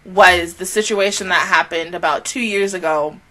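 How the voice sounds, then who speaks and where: A young woman reacting to an anime on her channel, ranting casually and animatedly, swearing freely and slipping into quick mocking voices of other people. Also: lowish voice, a bit bright.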